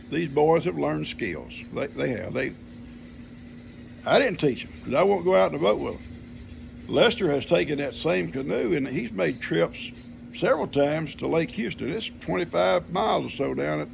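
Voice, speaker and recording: An older man with a drawl spins a homespun yarn in a deeply gravelly, creaky voice that sits a little high for a man. His telling is folksy and easygoing. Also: slight background noise. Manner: folksy, homespun grammar, chuckling storyteller. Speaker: vlogger telling a family story. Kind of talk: casual storytelling.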